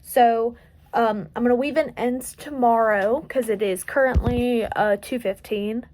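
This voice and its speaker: A woman's voice: fairly high pitch, a little slow, darkish tone, a little hiss or hum. An eighteen-year-old woman with a light Southern US country accent, rambling and joking through a casual late-night crochet vlog at home. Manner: rambling, chatty, self-joking. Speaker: crochet vlogger.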